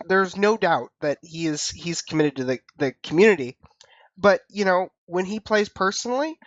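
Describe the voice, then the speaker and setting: A man's voice: fairly high pitch, a bit bright, dry recording. Man arguing a point over a dull, lo-fi mic. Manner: argumentative, halting restarts. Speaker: podcast panelist. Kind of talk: casual podcast discussion. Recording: dull lo-fi sound.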